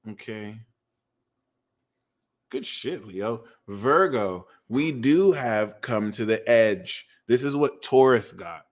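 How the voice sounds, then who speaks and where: Speaking slowly in a lowish voice, a man hosts a casual livestream tarot and astrology reading. He gets excitable and profane, teasing viewers and erupting into loud outbursts.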